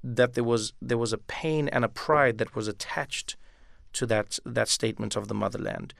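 Gravelly man, reflective. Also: medium pitch, steady tone, moderate pace, fairly bright tone, no room sound, clean studio sound. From South Africa. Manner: thoughtful, repeats words as he thinks. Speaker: comedian guest. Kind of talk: reflective interview talk.

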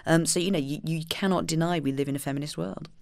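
A woman's voice: low voice, fast talker, gravelly, a little mellow, no echo, clean studio sound. A woman, an author, talking in an exuberant, comic, emphatic way as a guest on a radio interview. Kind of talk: animated interview and book reading.

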